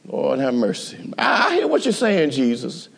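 Rousing high-pitched preacher man, echoing hall. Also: huge pitch swings, normal speed, creaky, breathy edge. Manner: emphatic and rousing, many repeated restarts; calls out to the congregation. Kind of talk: sermon.

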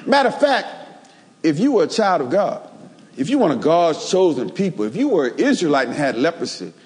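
A man preaching a lively, humorous sermon in a church, with call-and-response. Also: on the high side, fairly quick. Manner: animated, call-and-response, plays jokey role examples. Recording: long reverb of a church hall.

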